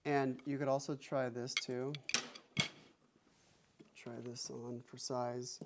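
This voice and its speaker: With a level, mid-range voice, this drum teacher speaks slowly and leaves long pauses, plainly explaining and counting beats as he plays. He's in a music room with a drum kit, which sounds loud behind him.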